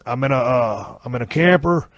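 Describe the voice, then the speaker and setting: A man's voice: medium pitch, animated, moderate pace, no echo, studio quality. Profane, blunt storytelling man. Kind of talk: casual anecdote telling.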